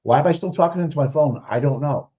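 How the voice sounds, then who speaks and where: Male livestream host, rambling and crude, mellow voice, dull lo-fi sound. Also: on the high side, fast. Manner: blunt, rambling, swears often. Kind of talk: casual profane livestream commentary. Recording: dull lo-fi audio.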